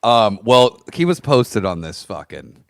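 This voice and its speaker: A man co-hosting a casual podcast, crude and joking, who talks loud and acts out voices. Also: on the low side, big pitch swings, measured pace, dry recording, clean studio sound. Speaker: podcast co-host. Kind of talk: casual chat.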